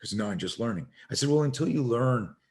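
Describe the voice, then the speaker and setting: A middle-aged self-defense instructor, guesting on a podcast, tells an animated story and acts out the voices of the people in it. He talks fast in a mid-range voice, emphatic and swearing as he goes.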